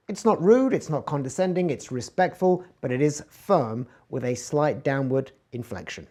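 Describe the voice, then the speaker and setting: A man teaching communication skills in an online course, swinging between loud, bright emphasis and soft, low murmurs to demonstrate tone of voice. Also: lively intonation, normal speed, few pauses. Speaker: communication coach. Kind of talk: instructional talk from an online course.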